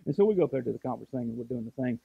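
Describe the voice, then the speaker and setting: A man's voice: medium pitch, lively intonation, rapid-fire, vocal fry, slightly rough, no room sound, phone-quality sound. A pastor in his forties preaching a sermon as a story, with emphatic rises and frequent restarts. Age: 40s.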